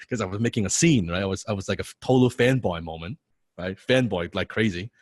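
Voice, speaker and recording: Man, fairly low voice, casual motivational storytelling, animated, repeats words, laughs a lot, dry close sound. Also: fairly quick, no room sound. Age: young adult. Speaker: business coach.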